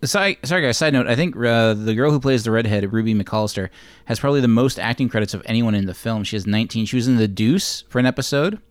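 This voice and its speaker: A man's voice: medium pitch, fast talker, no room sound. A man co-hosting a podcast, casually recapping a movie plot with fillers and side notes. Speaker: podcast co-host.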